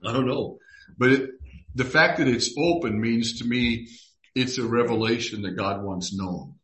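A man's voice: medium pitch, moderate pace, a bit bright. A man pastor teaches a Bible study in an easygoing, conversational way. He reads scripture aloud and acts out the people in the passages. His voice rings with a roomy echo. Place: church room.

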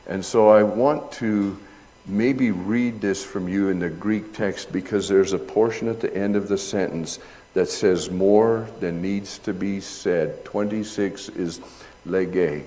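A man preaching a sermon and explaining Greek words, deliberate in delivery and building to loud emphatic peaks. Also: lowish voice. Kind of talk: sermon with Greek word study. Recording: long hall reverb.

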